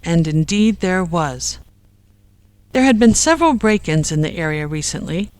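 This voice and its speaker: A steady audiobook narrator reading a comic adventure at an even middle pitch. The recording is close and dry, with no room sound at all. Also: moderate pace, smooth, no echo, low-quality recording. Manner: steady storytelling read. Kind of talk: scripted narration.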